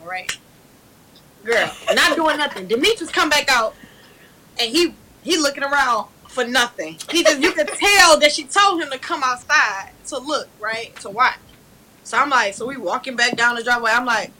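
A young woman telling a story in casual chat, animated and laughing, loudly acting out what others said. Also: sits high, fairly quick, poor audio.

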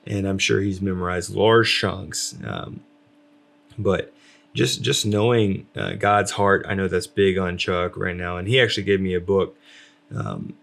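A man with a low, creaky voice and flat delivery talks at a measured pace with his wife about faith. He rambles casually, using lots of fillers and restarts, and describes himself as loud.

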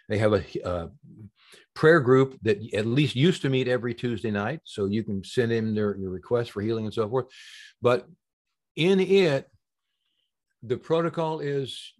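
Male podcast guest, healing practitioner, emphatic storyteller, swings loud to soft, mid-pitched. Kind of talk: casual interview talk.

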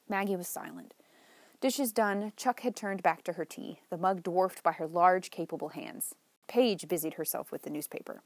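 A woman narrating a novel in a measured, lightly wry storytelling manner. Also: on the low side, dry recording. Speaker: audiobook narrator. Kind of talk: scripted narration.

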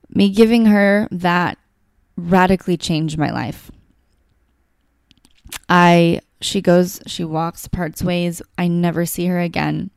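A woman's voice: on the low side, creaky, a little mellow, no echo, clean studio sound. A woman telling a personal story in a candid, heartfelt way, full of "like" and "you know". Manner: emotional, heartfelt, filler-heavy with frequent "like".

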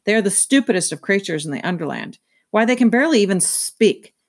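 A woman's voice: medium pitch, expressive, normal speed, natural voice. A woman voicing a haughty, dismissive young man in a read-aloud, curt and scornful.

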